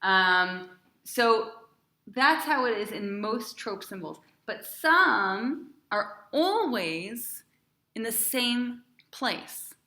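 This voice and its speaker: A woman's voice: on the high side, animated, drawn-out words, sharp tone, echoey room. A woman cantor teaching a class, chatty and encouraging, asking her students questions. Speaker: cantor teaching Torah cantillation.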